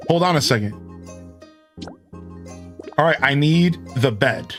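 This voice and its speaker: A man's voice: mid-range voice, expressive, takes it slowly, long pauses, fairly bright tone, soft background music. A man casually commentating a game stream, greeting chat and humming along. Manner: laid-back, says dude, greets chat, hums along. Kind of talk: casual let's play commentary.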